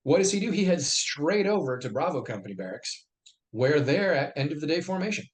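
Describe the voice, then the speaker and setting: A middle-aged man, an army veteran guest, telling stories and acting out the dialogue in lively bursts. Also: fairly high pitch, fairly quick. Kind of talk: conversational storytelling.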